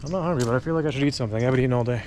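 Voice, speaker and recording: A man's voice: mid-range voice, very fast, a little mellow. Chatty man vlogging on city streets. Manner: chatty, thinking aloud while walking. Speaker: travel vlogger. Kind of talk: casual walking vlog narration. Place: outdoors on city streets and hill paths. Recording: street noise behind. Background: street and traffic noise.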